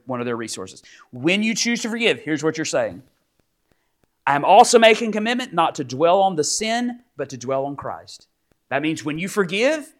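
A man in his forties delivers a sermon with lively, emphatic energy. His voice sits slightly high and leaps between loud peaks and hushed drops. He acts out short quoted lines as he goes. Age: 40s. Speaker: pastor.

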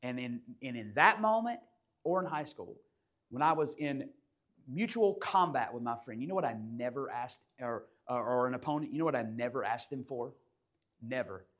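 A man preaching a sermon, telling a personal story in a conversational way that swings from hushed asides to loud bursts. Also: mid-range voice, lively intonation, normal speed. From South Georgia, USA. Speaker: pastor.

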